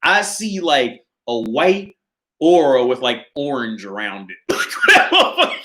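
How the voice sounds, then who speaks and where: A man tells a story on a casual livestream from his small apartment, swearing and laughing often, filmed on a hand-held phone or camera. His voice is a little high, bright, and forceful, with wildly swooping pitch and a very slow delivery.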